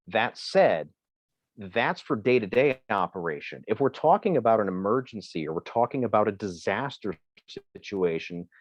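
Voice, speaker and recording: A man from Ohio answering questions as a presenter in a video call, talking in a halting way with many fillers and restarts. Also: lowish voice, dry recording, highs cut off. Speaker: presenter on emergency communications. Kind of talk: Zoom Q&A answer.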